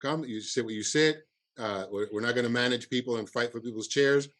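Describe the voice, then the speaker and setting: A man with a Cuban accent, a festival producer, talking in a halting podcast interview with many restarts and fillers. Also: medium pitch, a bit bright.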